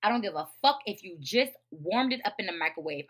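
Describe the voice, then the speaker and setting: A woman hosting a podcast, talking in a profane, emphatic, animated rant. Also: fairly low pitch, fairly quick, few pauses. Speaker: podcast host. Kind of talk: casual ranting monologue.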